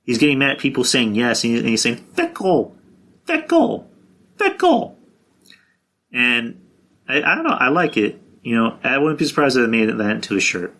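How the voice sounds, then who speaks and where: A man's voice: mid-range voice, fast, bright, forceful tone. A man hosting a podcast, talking through wrestling predictions in a blunt, profane, casual monologue. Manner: blunt and profane, with frequent restarts. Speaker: podcast host.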